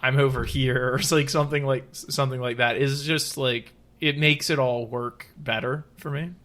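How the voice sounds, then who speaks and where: A man co-hosting a relaxed film podcast, mid-pitched with a bright, forceful tone. He speaks loosely, pausing on "uh" and "like" as he works out his point. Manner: loose, searching for words with "uh" and "like". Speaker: podcast co-host. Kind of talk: casual chat.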